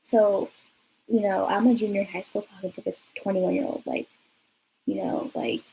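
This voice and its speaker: A young woman in her twenties spins a casual storytime for her viewers at a middle pitch. She talks in a loose, chatty way and fills her sentences with "like". A faint hiss sits under her voice. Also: a little fast, gravelly, poor audio. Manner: chatty, peppered with "like", lively retelling. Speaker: vlogger.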